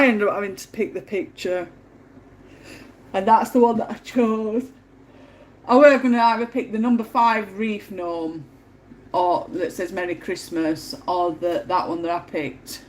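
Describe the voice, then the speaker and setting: A woman's voice: mid-range voice, steady tone, measured pace. A woman, hosting a casual livestream at home and telling stories in a chatty way, laughing often. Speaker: livestream host.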